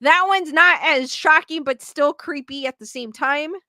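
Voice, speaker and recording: Casting a bubbly woman host with a high voice, chatty and reactive, recorded in a dry close sound. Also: measured pace, sharp tone, dry recording. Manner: chatty, laughs often, restarts and reacts to comments. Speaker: host reading viewer stories. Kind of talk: casual chat.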